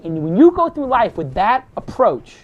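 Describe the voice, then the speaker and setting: Punchy, high-voiced male storyteller. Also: normal speed, muffled recording. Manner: animated, punchy storyteller with sound effects. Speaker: host giving a talk to students. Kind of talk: motivational storytelling.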